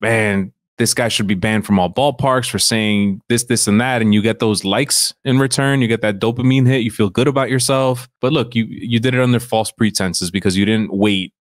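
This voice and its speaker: A man's voice: lowish voice, moderate pace, few pauses, no echo, clean studio sound. A man co-hosting a podcast, recounting a story in loose conversational chat. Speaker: podcast co-host. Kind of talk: casual chat.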